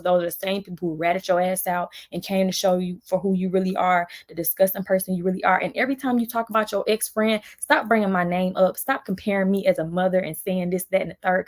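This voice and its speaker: Heated woman ranting on a livestream. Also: fairly low pitch. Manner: heated, fast, repetitive venting with frequent restarts. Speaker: vlogger on a livestream. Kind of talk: emotional livestream rant.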